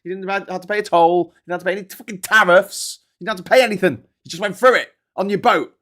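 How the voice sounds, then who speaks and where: A man's voice: sits high, fast, sharp tone. A man with a British accent hosting a casual political commentary show, talking in a sweary, sarcastic and taunting way. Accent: British English. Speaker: host.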